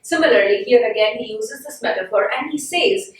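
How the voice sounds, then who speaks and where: Reflective woman teacher, high voice, echoey. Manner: slow, reflective explaining. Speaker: literature teacher. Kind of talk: poetry analysis lecture. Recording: very echoey room, mic far off.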